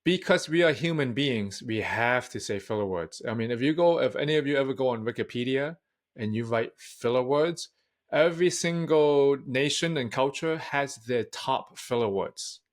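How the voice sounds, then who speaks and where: A man's voice: mid-range voice, normal speed. A man who is a public speaking coach, speaking as a guest in a casual interview in a frank, direct way. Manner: frank, direct, matter-of-fact.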